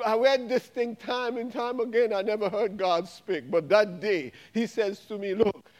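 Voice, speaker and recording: A man preaching in church. His voice sits high, and he drives his points home with repetitions and rising exclamations. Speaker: pastor. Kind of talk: sermon. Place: church sanctuary.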